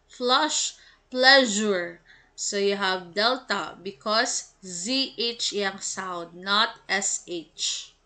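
A woman reads out a pronunciation quiz as a teacher, sounding out each word slowly and deliberately. Her voice sits a little high and has a bright, crisp edge. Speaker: English teacher. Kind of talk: reading quiz items and answers.

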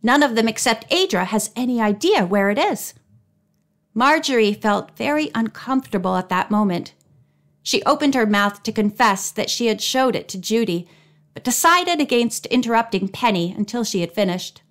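Lady reading a kids mystery book aloud, fairly high voice, clear and steady storytelling. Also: normal speed. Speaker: audiobook reader.

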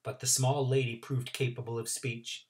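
A male teacher reading a novel aloud to his class in an expressive storytelling voice. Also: medium pitch, normal speed, far from the mic.

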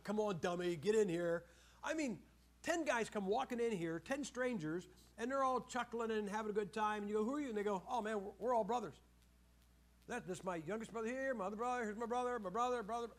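A man preaching a sermon in an animated storytelling way, asking his listeners questions and acting out the voices of the people in the story. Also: sits high. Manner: animated storytelling, asks the audience questions, acts out quoted voices.

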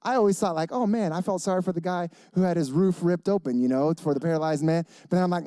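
A man's voice: high-pitched, quick pace, few pauses, dark tone, smooth, dry recording, studio quality. A man in his thirties preaching a casual sermon as a guest pastor, chatty and laughing, often adding "y'all" and "okay?". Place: church stage.

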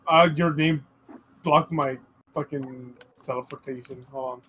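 A man's voice: mid-range voice, fairly even intonation, measured pace, sharp tone, a little hiss or hum. A man streaming a game, chatting casually with friends and swearing freely. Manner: laid-back, swears casually. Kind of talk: casual gaming chat.

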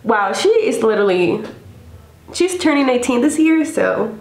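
A woman's voice: fairly high pitch, very animated, normal speed, a little mellow. Gushing young woman, echoey room. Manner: gushing, effusive, lots of "like" and "literally". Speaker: reaction video host. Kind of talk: casual music reaction. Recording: echoey room with music playing. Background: faint music.

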